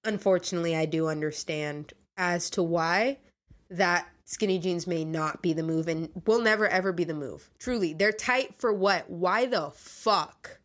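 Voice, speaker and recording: A woman's voice: lowish voice, unhurried. A young adult woman hosting a casual monologue podcast, ranting animatedly and swearing freely. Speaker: podcast host.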